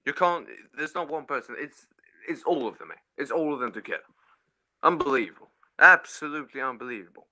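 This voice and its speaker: A man's voice: a little high, big pitch swings, a little fast, pushed and bright. A man ranting in fury as a caller on a fan stream, swearing and repeating "mate" and "yeah". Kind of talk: angry football fan rant.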